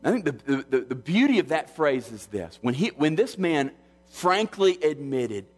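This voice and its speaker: A pastor preaching an expository sermon, measured and earnest, often restarting his phrases. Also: fairly high pitch, very animated. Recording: long hall reverb.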